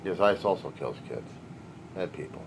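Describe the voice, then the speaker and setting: A man rambles through his thoughts in a video diary, sardonic and quick to crack wise. His voice sits low but swings up and down a lot. A faint background noise runs under his talk. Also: animated, gravelly. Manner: sardonic, wisecracking, wandering. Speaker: video diarist. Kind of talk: rambling personal monologue.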